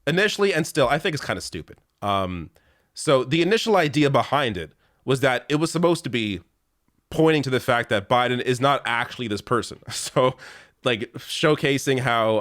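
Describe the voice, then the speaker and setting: A man's voice: mid-range voice, expressive, moderate pace, fairly bright tone, dry recording, clean studio sound. A man hosting a political commentary show, talking in an exasperated, sarcastic way and rattling off lists of names and figures.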